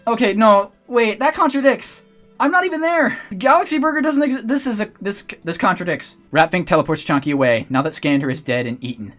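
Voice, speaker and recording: A man streaming, chatting excitedly with his viewers as he plays along with a story game. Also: sits high, fairly quick, soft background music. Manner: excitable, talks to chat. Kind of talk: casual livestream chat.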